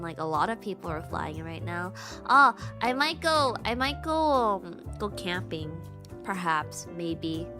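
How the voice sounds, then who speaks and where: A woman streamer chatting casually to her viewers, rambling with lots of filler words and restarts and swinging between giggly highs and low mumbles. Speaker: VTuber streamer.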